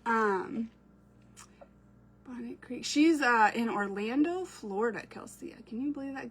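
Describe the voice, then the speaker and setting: A woman's voice: a little high, moderate pace. A woman chatting casually while she crafts, answering viewers as she works. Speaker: craft creator. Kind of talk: casual crafting livestream chat.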